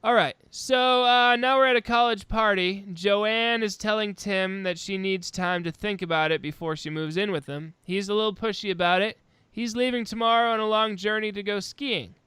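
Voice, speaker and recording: A man's voice: sits high, fairly even intonation, moderate pace, few pauses, pushed and bright, clean tone, no echo. A man hosting a casual podcast chat, recapping a horror film's plot and laughing often. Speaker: podcast host.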